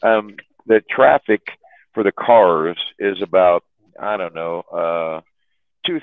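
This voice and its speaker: Laughing often and tripping over repeated words, a man with a low voice tells long, rambling stories to a chat room in a casual way. There's no room sound, and the audio is dry and tinny like a phone call.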